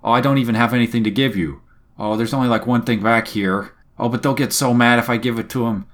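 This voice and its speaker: A man voicing a nervous, lowly young male pirate swabby who rambles in a flustered way. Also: fairly even intonation, quick pace, fairly bright tone, natural voice.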